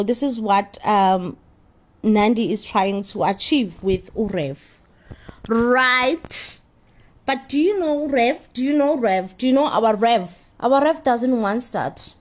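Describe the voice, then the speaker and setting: A woman giving an animated, opinionated recap of a reality show, often repeating herself in exasperation. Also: fairly high pitch. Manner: animated, repetitive, exasperated commentary.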